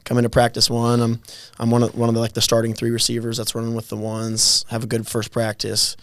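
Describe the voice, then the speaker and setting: A college football player in his twenties, appearing as an interview guest, tells his story haltingly, restarting and repeating words with little chuckles. His voice is medium-pitched and monotone, recorded dry.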